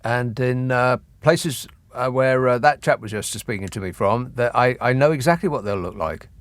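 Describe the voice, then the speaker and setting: A man's voice: medium pitch, moderate pace, dry recording. Guy hosting a phone-in, dry sarcastic rant, close studio mic. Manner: dry, sardonic, ranting. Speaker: radio talk show host. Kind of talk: late-night phone-in chat.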